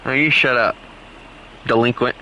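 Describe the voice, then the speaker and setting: A young man chatting and teasing friends while streaming a game, playful and quick to laugh. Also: medium pitch, fairly even intonation, pushed and bright, a little hiss or hum. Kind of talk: casual gaming stream chat.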